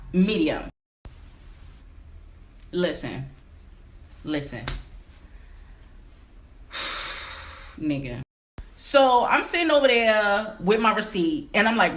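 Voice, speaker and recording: Animated young woman ranting a story. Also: mid-range voice. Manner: animated, profane, emphatic ranting. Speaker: vlogger telling a story. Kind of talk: casual storytime vlog. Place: home game room.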